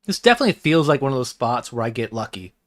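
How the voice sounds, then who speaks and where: Guy muttering to himself while streaming poker, dry jokes, mid-pitched. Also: very animated, fast. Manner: muttering, wry, thinks aloud. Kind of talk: casual live-stream commentary.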